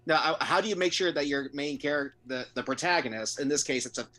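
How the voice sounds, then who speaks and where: A man's voice: on the high side, fairly quick, bright, forceful tone. A man on a discussion panel earnestly asking about writing, with a few restarts. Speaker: panel guest, aspiring fanfic writer.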